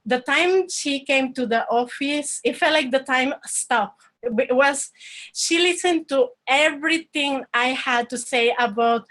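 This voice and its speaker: A woman. Her voice sits high, and she talks earnestly, stopping and restarting as she goes. She is heard over an online call. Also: measured pace, fairly bright tone, low-quality recording. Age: 40s. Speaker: storyteller. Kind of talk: personal storytelling performance. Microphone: online video call.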